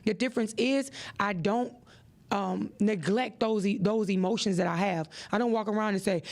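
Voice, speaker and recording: Woman host with a gravelly edge, preachy and animated. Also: normal speed, a little hiss or hum. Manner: animated and preachy, with expressive rises in pitch. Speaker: podcast host. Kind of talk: motivational podcast talk.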